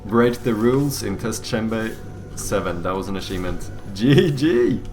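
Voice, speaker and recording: A man streaming a video game, chatting casually with swearing, laughing outbursts and sudden excitement. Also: fairly low pitch, normal speed, faint music behind.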